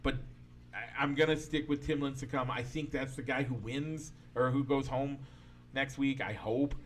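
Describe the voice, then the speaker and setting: A man with a mid-range, steady voice talks at normal speed against slight background noise. As a podcast co-host in casual sports and pop-culture banter, he argues his opinions at length, rambling and restarting a lot.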